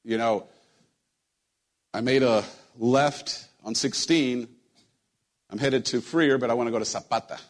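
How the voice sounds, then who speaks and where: A man preaching a sermon to his church in a relaxed, conversational way, joking with the congregation and often repeating his words. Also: mid-range voice, a little slow, pauses often. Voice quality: husky. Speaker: pastor. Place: church sanctuary.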